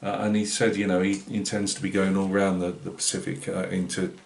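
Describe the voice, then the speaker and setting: Northeast English man, hobby channel host, chatty and halting, low voice, roomy echo. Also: flat delivery, vocal fry, slight background noise. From Britain. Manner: rambling and hesitant, many fillers and restarts. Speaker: scale-modelling channel host. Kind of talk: casual vlog chat. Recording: roomy echoey room.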